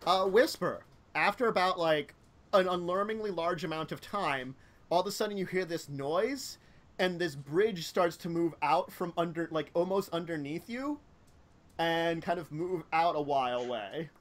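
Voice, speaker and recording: Guy with a high voice gm-ing a tabletop game, lots of um and like. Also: fairly bright tone. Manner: loose, halting narration with many ums and likes. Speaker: game master.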